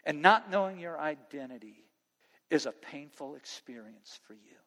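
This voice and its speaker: A youth pastor preaches a sermon to his students, his medium-pitched voice slightly rough. He's impassioned, swinging between loud preaching and quiet, earnest talk in a large hall.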